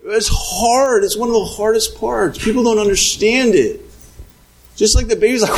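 A man preaching a sermon as a pastor, lively and conversational, acting out little scenes and sometimes shouting. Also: very high voice, moderate pace, rough recording.

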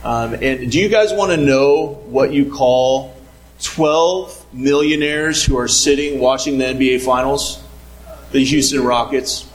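A man telling jokes to a group in a casual, halting way, repeating words as he builds to punchlines. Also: mid-range voice, poor audio.

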